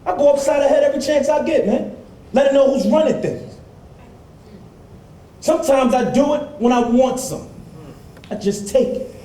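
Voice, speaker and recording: A man's voice: very high voice, moderate pace, pauses often, dark tone. An actor playing a cocky young man who defiantly justifies abusing his girlfriend. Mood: boastful. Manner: defiant, dismissive, pleading. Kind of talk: independent film drama acting. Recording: roomy indoor echo.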